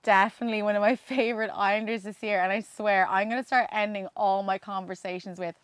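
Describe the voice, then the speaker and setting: A woman's voice: medium pitch, steady tone, quick pace, clean tone, dry recording. A woman hosting an interview, bubbly and enthusiastic in a casual chat. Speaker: interview host.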